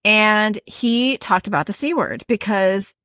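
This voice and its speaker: A woman's voice: medium pitch, lively intonation, unhurried, a bit bright, no echo, studio quality. A middle-aged woman with a Midwestern accent, hosting a casual podcast chat and rambling with many fillers and restarts. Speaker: podcast host.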